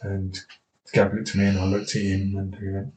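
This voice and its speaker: A boxing trainer with a South East English accent guests on a podcast, telling rambling stories full of restarts and quoted dialogue. His deep, darkish voice is completely flat and moderately paced. There's a roomy echo and faint noise.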